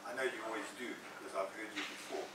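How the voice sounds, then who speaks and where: A man's voice: on the low side, fairly even intonation, rapid-fire. A man giving a methodical, encouraging evaluation of a speech at a club meeting. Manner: encouraging and methodical, weighing praise and advice. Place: meeting room. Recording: distant mic in an echoey room with room noise.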